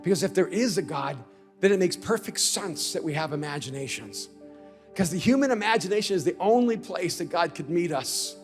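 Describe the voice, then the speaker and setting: Man, pastor, high voice, conference sermon, storytelling to shouting, soft music underneath. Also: expressive, fairly quick, long reverb tail. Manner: builds from conversational storytelling to shouted crescendos.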